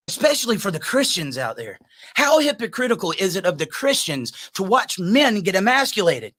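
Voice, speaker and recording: A man hosting a podcast, delivering a fired-up, preachy monologue that climbs into shouts. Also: sits high, sing-song, moderate pace. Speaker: podcast host.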